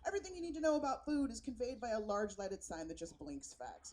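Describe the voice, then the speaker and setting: A woman stand-up comedian from San Francisco works a live stage. She has a high, bright-sitting voice and tells her stories brashly, with plenty of profanity. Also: brisk, few pauses. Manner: brash, profane, animated storytelling.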